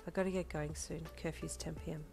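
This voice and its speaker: A woman voicing a quiet, teasing young female musician girlfriend in a soft, low, hushed tone, in a fan fiction audio story. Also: fairly even intonation, a little fast, gravelly, soft background music.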